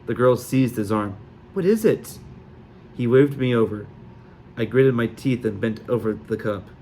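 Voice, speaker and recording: Male amateur audiobook reader, mid pitch, faint hiss. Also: moderate pace. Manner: steady reading with small slips.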